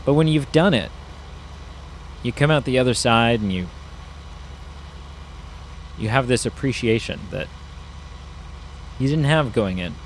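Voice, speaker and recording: Man, casual game commentary, rambling musing tone, mid-pitched voice, faint noise behind. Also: a little slow, long pauses. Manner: rambling, musing asides with many fillers. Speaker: gaming YouTuber.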